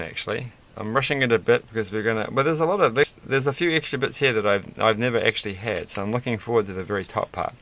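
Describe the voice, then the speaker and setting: A man's voice: mid-range voice, a bit bright. A man chatting casually and rambling with amused asides while building a Lego set.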